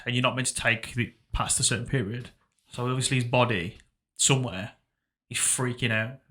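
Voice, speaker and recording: A young man on a podcast, recounting a painful memory in a halting, reflective way, often trailing off quietly. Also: medium pitch. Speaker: podcast co-host. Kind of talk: casual emotional conversation.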